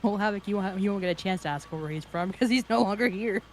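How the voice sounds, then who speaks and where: A man's voice: high-pitched, fast, a little hiss or hum. A man joining a gaming stream over voice chat, tossing in dry, teasing remarks. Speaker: voice chat guest. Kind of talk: casual voice chat banter. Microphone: remote voice chat line.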